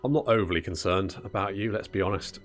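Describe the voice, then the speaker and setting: A gaming channel host with a low voice talks quickly over soft background music. He's running a casual strategy game let's-play, chatting, muttering to himself, and calling his units "buddy."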